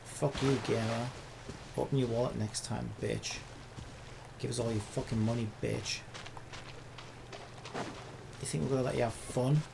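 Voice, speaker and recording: A man's voice: medium pitch, fairly even intonation, unhurried, gravelly, long pauses, background noise. A man streaming a game, ranting at it in sarcastic, profane commentary.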